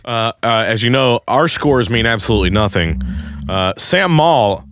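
Lively man hosting a podcast. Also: medium pitch, moderate pace. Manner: laughs often, reads listener comments. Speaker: podcast host. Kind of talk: casual chat.

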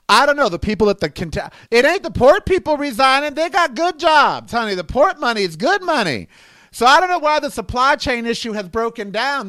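A man's voice: on the high side, a bit bright, no room sound, clean studio sound. A middle-aged man hosting his own podcast, ranting with sass and exasperation and firing off rhetorical questions to his listeners. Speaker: podcast host. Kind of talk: solo podcast monologue.

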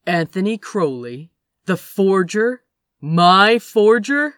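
A woman voicing a stern, cold male boss who talks in a slow, clipped, menacing way. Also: medium pitch, sing-song, fairly bright tone, no room sound. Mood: cold menace.

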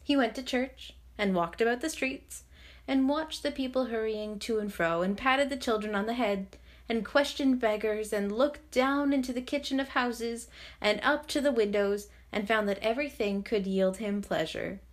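A woman's voice: a little high, normal speed. Woman narrating a classic story. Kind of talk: audiobook narration.

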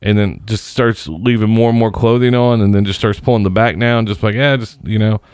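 A man's voice: lowish voice, brisk, a little mellow, clear, resonant tone, no echo. A man in his late thirties telling rambling, profane stories in casual chat among friends. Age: 30s.

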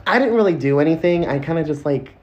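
A young man co-hosting a podcast, chatting casually and teasing his friend with quick interjections. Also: a little high, expressive, darkish tone. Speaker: podcast co-host. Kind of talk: casual chat. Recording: crunchy lo-fi audio.

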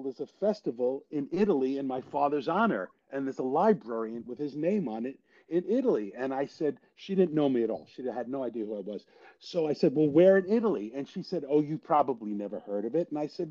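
An older actor telling a story in a casual interview, animated and quoting the people in it. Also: male voice, medium pitch, a little fast. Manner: animated storyteller, quotes people in his tales. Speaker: guest actor. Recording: dull lo-fi audio.

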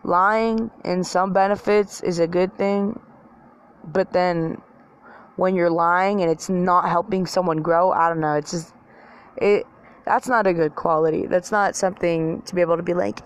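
A woman's voice: on the low side, steady tone, unhurried, clean tone, no room sound. A woman ranting casually to her viewers, rambling, swearing often and mocking herself. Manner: rambling, profane, self-mocking, filler-heavy. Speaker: vlogger. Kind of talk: casual rant to camera.

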